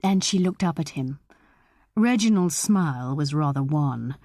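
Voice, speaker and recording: A woman narrating an audiobook of a short story in a measured, expressive way. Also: low-pitched, no room sound, clean studio sound.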